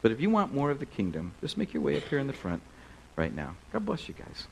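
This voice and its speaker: A male pastor preaching to a crowded church. His pitch swings widely as he tells stories in a casual, animated way, full of loose filler words. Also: fast, creaky, slight background noise, low-quality recording. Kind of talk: sermon with storytelling.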